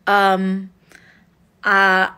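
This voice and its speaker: A woman in her thirties chatting casually on a livestream, excitable and emotional, laughing often. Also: medium pitch, drawn-out words, clean tone. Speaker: livestream host. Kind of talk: casual live chat.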